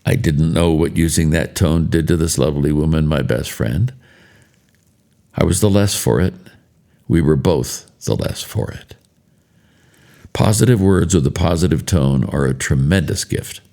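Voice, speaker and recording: A man in later life giving a spoken devotional, telling stories in a measured, earnest way. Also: a bass voice, creaky, mellow. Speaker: devotional speaker.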